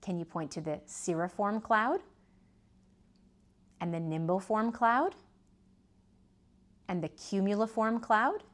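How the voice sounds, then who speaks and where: A woman teaching a preschool lesson, gently asking children to repeat words and point. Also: medium pitch, slow, pauses often. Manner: sing-song, asks children to repeat and point.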